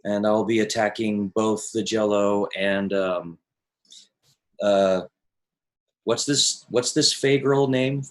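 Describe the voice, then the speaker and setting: Slow, low-voiced male player. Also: steady tone. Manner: slow, hesitant, thinking aloud. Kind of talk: tabletop game play over voice chat.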